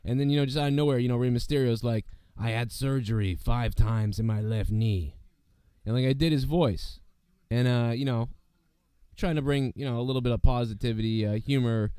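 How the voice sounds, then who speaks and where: A hoarse, sick-sounding man hosts a casual podcast, rambling with constant fillers and the odd curse. His voice is smooth and resonant despite the rasp, and it is recorded dry and close. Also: mid-range voice, steady tone, fast talker, mellow, no room sound. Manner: rambling, lots of fillers and swearing. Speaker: podcast host.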